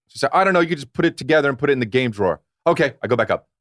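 A man's voice: medium pitch, rapid-fire. A man co-hosting a podcast, telling a story in casual chat and acting out what people said. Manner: animated, acts out quotes in other voices. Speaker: podcast co-host.

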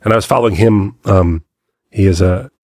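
A man in his forties chats on a podcast. His voice sits low with a husky edge. It is recorded dry and close. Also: normal speed, a little mellow, no room sound. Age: 40s. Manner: chatty storyteller, laughs often. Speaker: podcast co-host. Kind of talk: casual chat.

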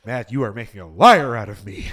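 A man playing a gruff older male film star, mock-stern and clipped. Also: mid-range voice, big pitch swings, a little fast, fairly bright tone, pitched below the performer's own voice.

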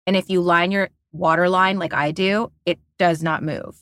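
A married woman co-hosting a beauty podcast, telling stories and raving about products in an animated, playful way. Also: on the low side, normal speed, no echo, studio quality. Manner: animated storyteller, playful and teasing. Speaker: podcast co-host. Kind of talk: casual beauty podcast chat.

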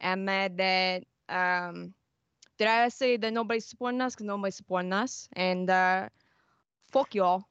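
A woman putting on a Boston accent to play a calmly seething local listing her grievances. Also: mid-range voice, a little slow, clean tone, no echo, highs cut off. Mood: calm menace. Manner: calm, quietly threatening.

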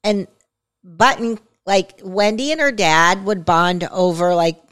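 A woman in mid-range pitch chats on a podcast. She rambles through her own story with fillers and side remarks. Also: slow pace, fairly bright tone. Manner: chatty, full of fillers and asides. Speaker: podcast co-host. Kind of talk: casual chat.

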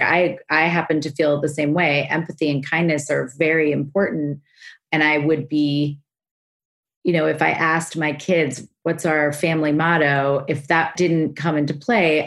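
Woman host, lowish voice, eager interviewer who restarts and rushes through ideas. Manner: enthusiastic, fast, restarts and rushes through thoughts. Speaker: podcast host. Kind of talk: podcast interview.

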